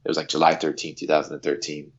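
A man in his thirties from the United States, a guest on an interview show, telling a story in a casual, lively way and acting out quotes. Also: rumbling low, quick pace, slightly rough, lo-fi sound. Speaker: guest, handball athlete.

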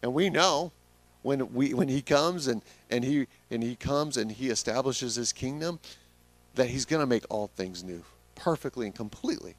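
A man's voice: mid-range voice, expressive, moderate pace, dry recording. A man preaching a sermon in a conversational, earnest way, talking straight to the congregation. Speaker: pastor.

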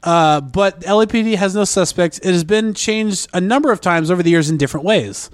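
A man's voice: high voice, fairly quick, no room sound. A man co-hosting a podcast, reading a news article aloud with stumbles and joking asides. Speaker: podcast co-host. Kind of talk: casual podcast chat.

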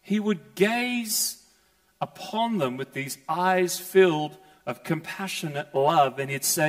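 A male pastor preaches in an earnest, emphatic way, his voice sitting a little high for a man. He often stops and restarts his phrases. A long reverb trails after his words, as in a large hall. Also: slow. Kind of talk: sermon.

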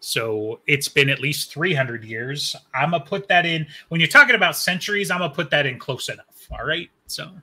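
A man's voice: a little high, animated, moderate pace, hardly any pauses, pushed and bright. A man co-hosting a podcast in casual chat, joking and rambling, fond of groan-worthy puns. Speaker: podcast co-host.

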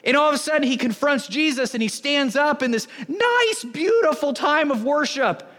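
A male pastor preaches with an animated, storytelling delivery, slipping into the voices of onlookers. His voice sits high for a man. The sound carries a long reverb, as in a church sanctuary. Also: normal speed. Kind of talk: sermon.

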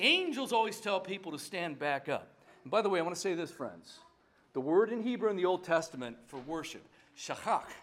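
Male pastor, lively storytelling sermon, fairly high voice with wide swings. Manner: animated storytelling preaching.

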